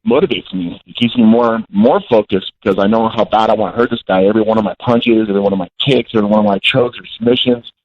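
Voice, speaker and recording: Deep-ish guy on a muffled call-in line, blunt and intense, keeps repeating himself. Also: fast, few pauses. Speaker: guest fighter calling in. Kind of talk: phone-in interview. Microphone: phone. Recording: dull lo-fi call-in audio.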